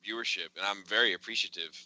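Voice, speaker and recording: Bright-voiced man reading podcast news. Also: fairly low pitch, fast talker, low-quality recording. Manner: reads news notes aloud, adds offhand asides. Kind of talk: casual podcast chat.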